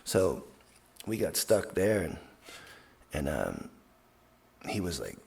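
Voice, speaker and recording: Slow, gravelly-voiced man hosting radio. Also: low voice, sing-song, darkish tone. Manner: meandering anecdotal storytelling with many fillers. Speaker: radio show host. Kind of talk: casual rambling monologue.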